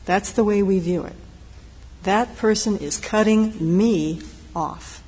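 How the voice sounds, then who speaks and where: A woman meditation teacher giving a dharma talk in a gentle, reflective, unhurried way, with pauses. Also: medium pitch. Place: meditation hall. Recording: long hall reverb, faint noise.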